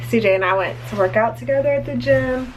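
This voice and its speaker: A woman chatting casually to her viewers in a daily vlog, slipping into high baby talk when she speaks to her dog. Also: fast, slight background noise, rough recording. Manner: relaxed, chatty, talks to viewers as y'all. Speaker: vlogger.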